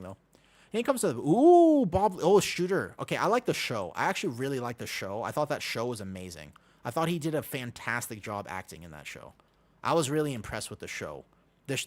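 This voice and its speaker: A young man chats casually while streaming a game, rambling and joking at his own expense. His pitch swings up and down, and he breaks off for quick game calls. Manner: rambling, self-deprecating, chatty while giving game calls. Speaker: streamer playing a tank. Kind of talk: casual chat while gaming.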